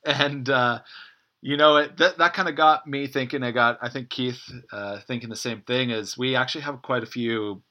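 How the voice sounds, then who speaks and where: A man hosting a mock corporate show in a comedy sketch, talking in earnest business jargon with halting restarts. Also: mid-range voice, fairly even intonation, pushed and bright. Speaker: host.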